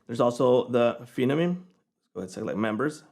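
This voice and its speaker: A man at a middle pitch talks viewers through a piece of software in a relaxed, conversational way. He explains step by step and keeps checking in with a quick "okay?" as he goes. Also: gravelly. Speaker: software reviewer. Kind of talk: screen-recorded software tutorial.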